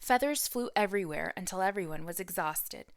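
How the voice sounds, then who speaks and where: A woman's voice: mid-range voice, brisk, no echo. A teacher reads a children's story aloud in a close, dry recording. Her woman's voice swoops up and down with lots of animation. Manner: expressive storytelling. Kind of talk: reading a picture book aloud.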